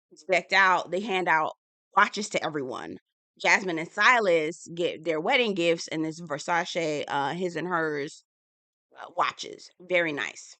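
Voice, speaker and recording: A young woman giving a sassy, animated casual recap of a reality TV episode. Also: fairly low pitch, dry recording. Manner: sassy, animated, acts out quoted lines. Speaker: TV recap reviewer.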